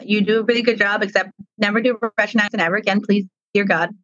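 A woman's voice: mid-range voice, steady tone, fast, fairly bright tone, no echo, dull audio. A woman guest on a podcast, chatting casually and enthusiastically with lots of fillers. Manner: enthusiastic, rambling, hedging with fillers.

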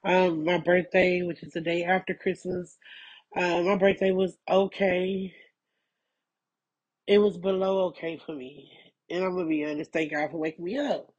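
Her voice lowish, mellow and a bit rough with little pitch movement, a podcast host recovering from a cold chats frankly at a moderate pace. She rambles, repeats herself and keeps saying "you know what I'm saying" in this casual update, heard on a muffled recording.

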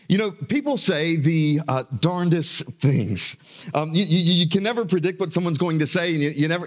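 Pastor guy in his 30s preaching on a church stage, kinda high voice, big dramatic pauses. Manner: dramatic preaching with drawn-out pauses and falling emphasis. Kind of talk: sermon.

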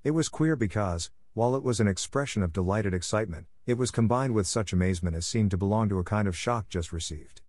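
A man reading a classic storybook aloud as narrator, in a measured, even manner. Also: on the low side, no room sound, clean studio sound.

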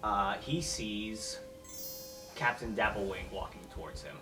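Brief: player, mid-pitched, relaxed and matter-of-fact, with music under the voice. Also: a little slow, distant mic, rough recording. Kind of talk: tabletop game play.

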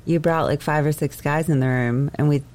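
A woman's voice: low-pitched, steady tone, brisk, a little mellow. A woman co-hosting a podcast in casual chat, often laughing and cutting in to correct her husband. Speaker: podcast co-host.

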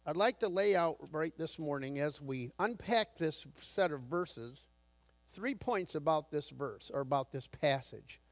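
A man's voice: fairly high pitch, expressive, measured pace, dry recording. A man preaching a sermon as pastor, telling a long story with quoted dialogue before laying out numbered points.

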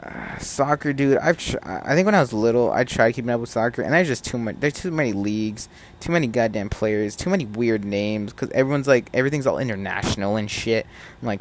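Young male podcast host, profane and animated rant, mid-pitch voice. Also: normal speed.

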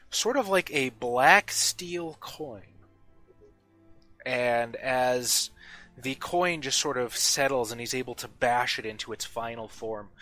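A man narrating a tabletop game as game master, in a measured, descriptive way with filler phrases. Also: mid-range voice, pushed and bright.

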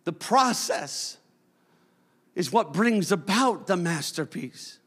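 A man preaching a sermon as pastor, with impassioned delivery that swells into shouts. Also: high voice, lively intonation, slow, husky. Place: church sanctuary. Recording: long church hall reverb.

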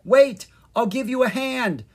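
An earnest young fairy boy pleads in a raised, lively voice with a husky edge, as the storybook narrator plays him. He sounds sincere and hopeful. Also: mid-range voice, normal speed, pitched above the performer's own voice.

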